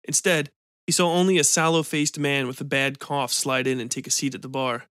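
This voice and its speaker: A man's voice: mid-range voice, flat delivery, brisk, fairly bright tone, no echo. Man narrating a story, dry and close. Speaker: podcast host and narrator.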